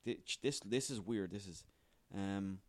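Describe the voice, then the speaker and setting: A man's voice: low voice, a little slow, dry recording. A man hosting a solo comedy podcast, sweary, rambling and self-mocking. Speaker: podcast host.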